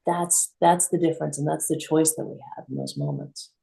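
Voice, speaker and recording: Female co-host, low gravelly voice, mellow tone, roomy sound, lively storyteller. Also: a little fast. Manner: animated storytelling, acts out quotes. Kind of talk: reflective conversational talk. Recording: roomy echo.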